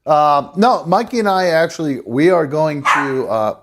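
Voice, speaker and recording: Male call-in host, loose and profane, very animated pitch. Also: a little slow, hardly any pauses. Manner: profane, rambling, with restarts. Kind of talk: casual live call-in chat.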